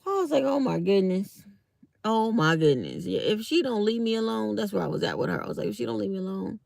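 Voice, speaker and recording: A woman's voice: mid-range voice, sing-song, very fast, vocal fry, darkish tone, dry recording, clean studio sound. A middle-aged woman, talking casually to viewers and acting out both sides of an office conversation. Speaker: vlogger.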